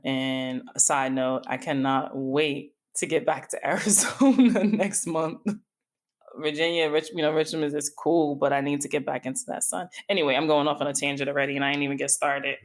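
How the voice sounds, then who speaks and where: Woman, middle-aged, podcast host, low voice, casual candid storytelling, drifts off on tangents. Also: fairly even intonation, normal speed. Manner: chatty, informal, wanders into tangents.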